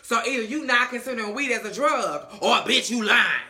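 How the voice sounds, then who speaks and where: Sassy male recap host; high, piercingly bright voice, profane and theatrical. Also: expressive, a little fast. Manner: sassy and profane, dramatic emphasis. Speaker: reality TV recap commentator. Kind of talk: casual commentary.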